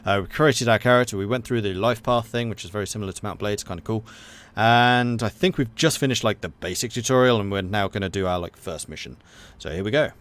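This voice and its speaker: A man's voice: lowish voice, quick pace, hardly any pauses, a bit bright. A man hosting a let's play, giving casual, rambling gameplay commentary with fillers.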